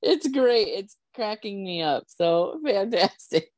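A woman's voice: medium pitch, expressive, slow pace, a little mellow, dry recording. A woman hosting a casual podcast interview, laughing easily and encouraging her guest. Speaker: podcast host.

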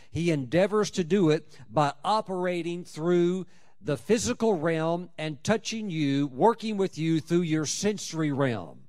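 A man preaching a sermon, emphatic, with dramatic swings in loudness and pitch. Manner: acts out prayers and scripture in quoted voices.

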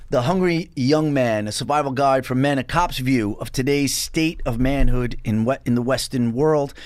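A man's voice: mid-range voice, moderate pace, no room sound, studio quality. A man hosting a podcast, chatting enthusiastically with his guest and rambling a bit. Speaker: podcast host. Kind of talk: casual chat.

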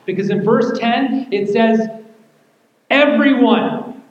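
Fervent high-voiced preacher in echoey hall. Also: male voice, normal speed. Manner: rises to fervent near-singing emphasis, repeats key words. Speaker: pastor. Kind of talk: sermon. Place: church. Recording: echoey hall, dull sound.

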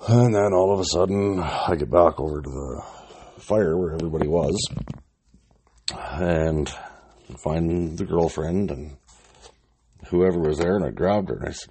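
A man's voice: low voice, measured pace, pauses often, mellow, slight background noise. A middle-aged man casually telling an old story, swearing freely and chuckling as he rambles.

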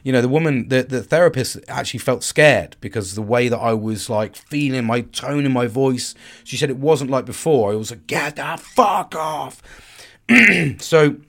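A man's voice: medium pitch, expressive, normal speed, vocal fry, fairly bright tone. A man with a Cockney accent hosting a podcast, talking through a personal story in a rambling, profane way with frequent restarts. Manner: rambling, swears freely, restarts often. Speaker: podcast host. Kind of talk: casual personal monologue.

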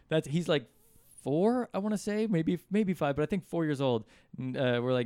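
This middle-aged comedian and musician, a guest in a hotel room, sounds very animated, with a slightly high, fairly bright voice at normal speed. He meanders through casual stories packed with fillers and false starts, captured in a dry, clean studio-quality recording.

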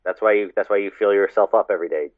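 A man's voice: on the low side, steady tone, racing, no echo. A man co-hosting a casual podcast with crude, teasing banter. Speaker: podcast co-host. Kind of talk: casual chat. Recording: tinny phone-like line.

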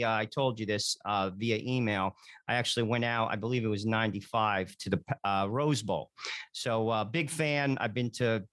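A man's voice: mid-range voice, fairly bright tone, no room sound. Earnest male co-host on radio. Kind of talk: radio talk show, leading prayer.

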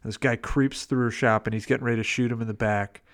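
A man's voice: mid-range voice, steady tone, fast talker. A man co-hosting a podcast, chatting casually about a film and quoting its lines in playful impressions. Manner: laid-back, quotes lines with playful impressions. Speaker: podcast co-host. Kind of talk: casual movie review chat.

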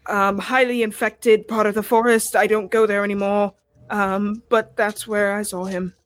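A woman's voice: medium pitch, flat delivery, moderate pace, no echo, lightly acted. A woman voicing a nervous young fawn who stammers and apologizes.

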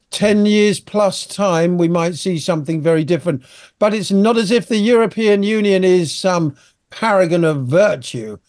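A man's voice: a little high, darkish tone, no room sound, studio quality. A man from Britain giving emphatic, indignant commentary as a guest on a talk radio show.

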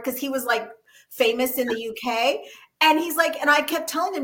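Bright-voiced woman telling lively stories. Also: high-pitched, brisk. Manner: animated, acts out the voices in her stories. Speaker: guest. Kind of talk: casual chat, storytelling.

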